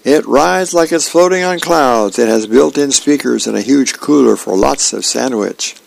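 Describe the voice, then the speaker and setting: A man's voice: medium pitch, normal speed, creaky, no echo, voice pushed up. A man voicing an overly polite salesman calling on the phone. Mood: pitching.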